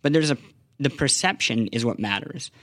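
A man's voice: mid-range voice, expressive, normal speed, a bit bright, no room sound. A man talks earnestly in casual podcast chat, his voice sitting in the middle range. He speaks in long, winding runs that often restart and repeat words. The studio mic is dry and close, with no room sound. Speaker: games journalist and podcast guest.

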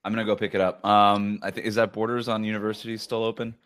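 A man with a low voice hosting a sports podcast. He talks in a chatty, casual way, with plenty of fillers and restarts, and now and then reads quotes aloud. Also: little pitch movement, fast, a bit bright, clean tone. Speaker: podcast host.

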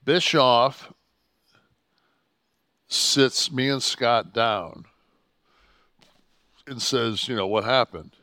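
A man's voice: mid-range voice, extremely slow, pauses often, sharp tone, no room sound, studio quality. Profane man telling a heated story. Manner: profane, heated, rambling with restarts. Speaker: podcast co-host telling a wrestling story. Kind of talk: casual storytelling chat.

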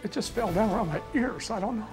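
A middle-aged man, a father appearing as a talk show guest, speaking in a hesitant, halting way. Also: high-pitched, over music. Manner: hesitant, halting, soft-spoken.

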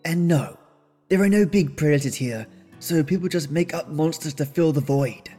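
A man voicing a carefree, playful young woman who talks in a high, insistent, girlish way. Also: normal speed, dark tone, slightly rough, faint music behind.

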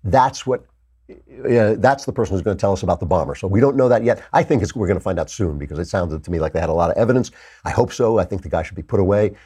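Brief: male host, mellow and husky, indignant animated monologue. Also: deep voice, fast. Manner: animated, indignant, with sarcastic asides. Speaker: political commentary host. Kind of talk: opinionated monologue.

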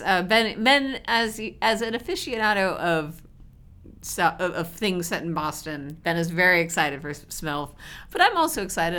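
A woman with a lowish voice that swings widely in pitch co-hosts a podcast. Her tone is bright and forward, and she talks with eager enthusiasm, laughing easily through the casual banter. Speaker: podcast co-host.

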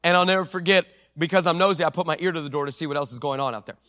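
A man preaching as pastor at a church service, swinging from loud declarations to hushed storytelling and acting out voices in his stories. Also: a little high, rapid-fire. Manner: acts out quoted voices in story. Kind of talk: sermon.

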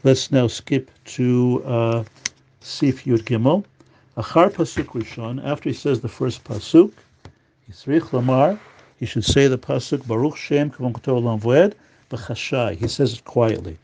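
Mellow-voiced man teaching a religious text. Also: medium pitch, measured pace. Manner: reads Hebrew text aloud, then explains it in English. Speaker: Torah teacher. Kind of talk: religious law lesson.

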